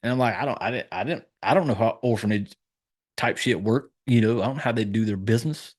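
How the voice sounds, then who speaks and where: A man's voice: lowish voice, fast. A man with a Southern US accent, hosting a podcast and recapping a horror film in casual chat, swearing a lot and acting out the characters' lines as he goes. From Southern United States. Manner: profane, animated storytelling with acted-out quotes.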